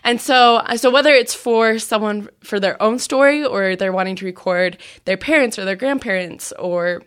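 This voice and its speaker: A woman's voice: medium pitch, normal speed, fairly bright tone, clear, resonant tone. A woman, a podcast host and audio biographer, chatting casually with friends about her work and often saying "like". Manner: chatty, uses fillers like "like", laughs at herself. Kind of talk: casual conversational interview.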